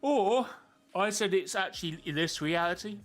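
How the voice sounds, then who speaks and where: With faint music playing behind him, a male gaming streamer talks to his viewers in a rambling, self-interrupting way as he plays. His slightly high voice sounds pushed and bright, at a moderate pace.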